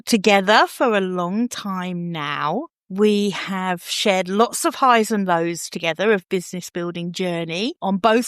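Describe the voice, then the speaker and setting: A woman's voice: medium pitch, no echo, studio quality. A middle-aged English woman hosting a podcast, chatty and effusive, laughing easily as she talks with her guest. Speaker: podcast host. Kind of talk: casual podcast chat.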